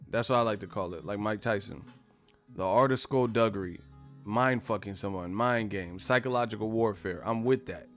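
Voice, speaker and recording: A man's voice: medium pitch, a bit bright. Profane rambling male stream host. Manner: profane, rambling, laughs often. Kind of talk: casual live-stream chat.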